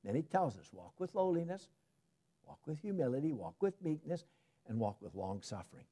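Preaching fairly quickly, this man moves from loud, emphatic lines to quiet asides. His voice has a lively pitch and a mellow huskiness.

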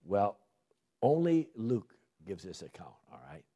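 Husky, animated male Bible teacher. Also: on the low side, measured pace. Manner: reads scripture aloud with dramatic emphasis; asks the class rhetorical questions.

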